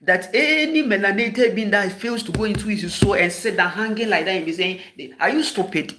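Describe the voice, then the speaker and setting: A Ghanaian spiritual teacher delivers an impassioned address, scolding and emphatic, driving his points home with sharp rhetorical questions he repeats again and again. His voice is high and a little fast, with noise in the background.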